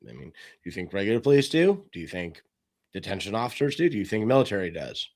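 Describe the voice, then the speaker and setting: Animated storytelling man, casual podcast. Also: lowish voice, fast talker. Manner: animated storytelling, acts out quotes. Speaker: podcast host. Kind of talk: casual discussion.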